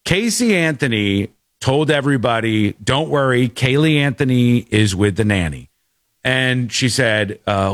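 A man's voice: medium pitch, sing-song, normal speed, no room sound, studio quality. A man telling a story in casual chat, acting out the people in it with shifting voices. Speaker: podcast host.

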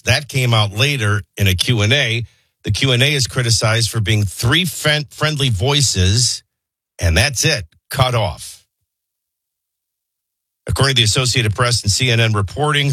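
Husky-voiced male talk radio host. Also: on the low side, a bit bright, no echo, clean studio sound. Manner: opinionated, conversational, filler-heavy. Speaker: radio morning show host. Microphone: studio microphone.

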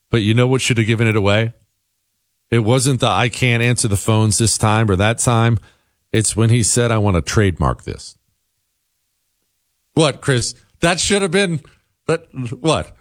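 A male radio talk show host reading listener email aloud, with wry, sarcastic asides and lively commentary. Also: medium pitch, dry recording, studio quality.

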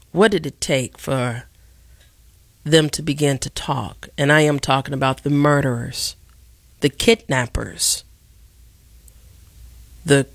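A middle-aged woman from Chicago hosting a solo radio talk show, speaking with impassioned, deliberate emphasis like a preacher. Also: a bass voice, gravelly, dry recording.

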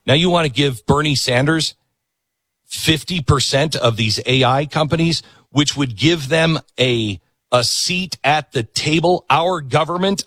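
A man's voice: a little high, a bit bright, dry recording. A middle-aged man hosting a political talk show, delivering an emphatic monologue and repeating words for emphasis.

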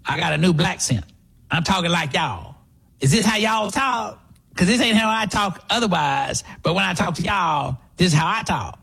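Man doing a woman politician, put-on drawl, mocking, lively pitch. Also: normal speed, creaky, husky, exaggerated voice.

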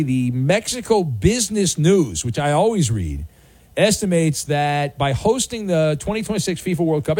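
A man hosting a sports radio show from a dry studio booth, on a close studio microphone. His voice sits a little high and moves around a lot. He riffs with his callers and cracks jokes as he goes. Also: a little mellow, dry recording. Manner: wisecracking, chatty.

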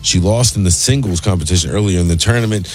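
Brisk male sports update reader. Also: low voice, faint music behind. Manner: brisk, even newsreader delivery. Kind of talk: read sports news update. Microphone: studio mic.

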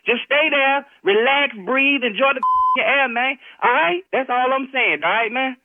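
High, lively man on a muffled phone line. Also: unhurried, no room sound. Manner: threatening, animated, heavy slang, keeps saying man. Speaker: prank call target.

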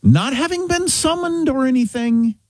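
A man's voice: extremely high pitch, lively intonation, moderate pace, darkish tone, no room sound. A middle-aged man from Kansas hosting a talk show, telling a story in casual chat with emphatic restarts. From Kansas, USA.

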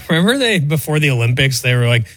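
A man in casual radio banter, relaxed and dryly joking. His voice sits close in a dry studio. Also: fairly high pitch, a little fast, no echo. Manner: laid-back, wry. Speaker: radio show co-host.

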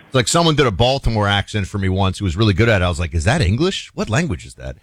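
A man hosting a talk radio show, chatting casually with callers and giving his opinions in a relaxed, conversational way. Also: on the low side, racing, dry recording, studio quality. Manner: relaxed, opinionated, takes calls.

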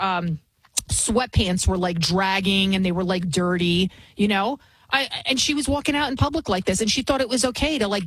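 A woman's voice: a little high, slightly rough, dry recording, poor audio. A woman in her forties hosting a talk radio show, ranting with heated indignation. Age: 40s. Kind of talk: opinionated talk radio monologue.

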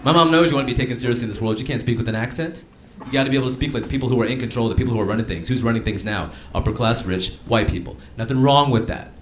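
A man doing a stand-up comedy set, telling animated stories and putting on impressions of his mother. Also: medium pitch, very fast, hardly any pauses, noisy background. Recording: live comedy club, roomy with crowd.

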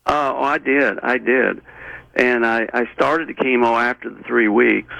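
A man as an interview guest, telling a personal story in an earnest, rambling way with many halting restarts. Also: medium pitch, fairly even intonation, gravelly, pushed and bright, dry recording, lo-fi sound.

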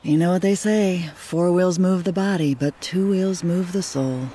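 A man's voice: sits high, measured pace, warm tone, slight background noise. A man playing a chummy motorcycle rider in an ad. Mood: easygoing. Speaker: ad character. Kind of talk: radio ad acting.

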